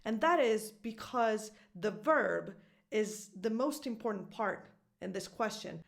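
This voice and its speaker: A woman's voice: fairly high pitch, unhurried. Upbeat woman coaching pronunciation. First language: Italian. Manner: upbeat, clear teaching delivery with modeled example phrases. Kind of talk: online pronunciation lesson.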